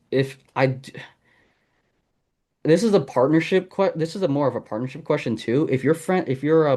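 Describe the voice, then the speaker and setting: A man's voice: medium pitch, a little mellow. A man hosting a live online masterclass over a video call, coaching in a casual, encouraging way with frequent ums. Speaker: masterclass host and sales coach. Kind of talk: live online teaching session.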